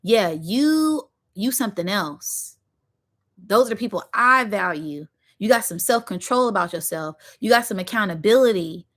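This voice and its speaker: A woman's voice: medium pitch, pushed and bright. A woman, hosting a spiritual motivational monologue in an emphatic, preachy way, repeating phrases and using slang. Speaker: spiritual channel host.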